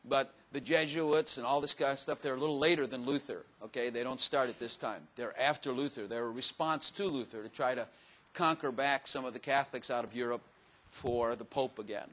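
A man's voice: medium pitch, fairly quick, fairly bright tone. A man giving a casual, folksy Bible teaching to a room, chatty and self-mocking, often asking his listeners questions. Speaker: teacher or preacher.

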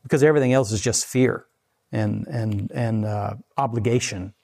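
This preacher, a man in his forties, has a creaky, darkish voice on the low side. His sermon feels casual and conversational, with chuckles between points and a slower pace for scripture readings.

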